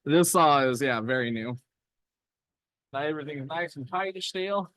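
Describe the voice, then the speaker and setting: A man's voice: on the high side, expressive, normal speed, fairly bright tone, no echo, poor audio. A man running a rock saw in an indoor workshop, explaining the equipment step by step in an easygoing way. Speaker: lapidary saw operator. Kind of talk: casual hands-on demonstration.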